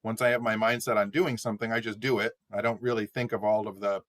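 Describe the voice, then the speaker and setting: A man's voice: on the low side, flat delivery, quick pace, a bit bright. Laid-back man co-hosting a podcast. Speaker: podcast co-host. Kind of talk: casual chat.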